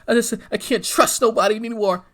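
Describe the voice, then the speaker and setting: A man's voice: high-pitched, fairly even intonation, fairly quick, a bit bright, pitched above the performer's own voice. A man mimicking a weepy, whiny grown man in a mocking sobbing voice. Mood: whining.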